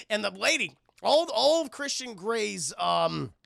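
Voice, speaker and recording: Gravelly, sarcastic male streamer. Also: sits high, very animated, measured pace, sharp tone, dry recording, studio quality. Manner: profane, sarcastic, addresses chat. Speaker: film reviewer and livestream host. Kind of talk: casual live-stream commentary.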